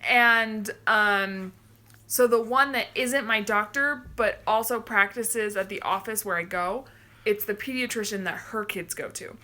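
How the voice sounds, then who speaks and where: A woman chatting casually on a live stream, telling stories in an animated way. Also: mid-range voice, unhurried. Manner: animated storyteller, quotes people.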